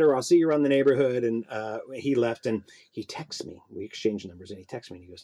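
A man's voice: a little fast, hardly any pauses. A middle-aged man, an actor and puppeteer, telling a story as a guest in a casual interview and acting out the people in it. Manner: animated storyteller, acts out voices with big pitch jumps.

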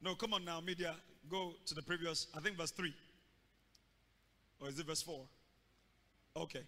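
A male pastor preaching a sermon, acting out scenes and bursting into loud shouts. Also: on the high side, fairly even intonation, normal speed. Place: church hall. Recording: long reverb of a large hall.

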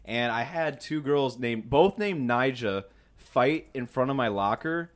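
A man's voice: mid-range voice, lively intonation, measured pace. A man rambling through stories in a casual group chat, laughing often and swearing.

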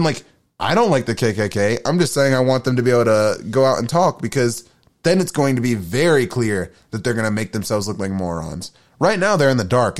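This young man hosts a podcast on his own, his medium-pitched voice carrying a darkish tone. He rambles through his opinions, swearing often and tossing in self-deprecating asides.

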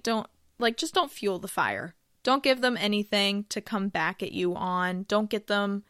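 A woman's voice: medium pitch, fairly bright tone, clear, resonant tone, no room sound, clean studio sound. A young woman hosting a podcast, giving business advice in a chatty, casual way with frequent filler phrases. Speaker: podcast host.

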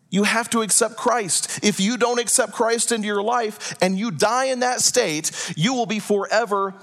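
A man preaching a sermon to a congregation, earnest and deliberate, pausing for effect and acting out imagined prayers. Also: sits high, fairly bright tone. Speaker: pastor. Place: church hall before a congregation.

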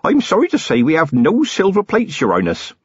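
A man reading a novel aloud, voicing a nervous, overly formal village mother in a high fluttery voice. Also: huge pitch swings, a little fast, slightly rough, no echo, exaggerated voice. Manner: anxiously polite, over-formal. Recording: dull lo-fi audiobook recording.

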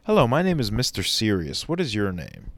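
A man's voice: lowish voice, wildly swooping pitch, brisk, a bit bright, no room sound, full character voice. A man playing a pompous, disdainful serious man who hurls haughty, sneering insults. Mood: stuffy.

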